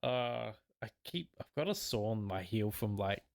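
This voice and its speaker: A man's voice: lowish voice, animated, a little slow, vocal fry, dry recording, clean studio sound. A man, co-hosting a casual podcast chat, rambling and laughing often. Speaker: podcast co-host.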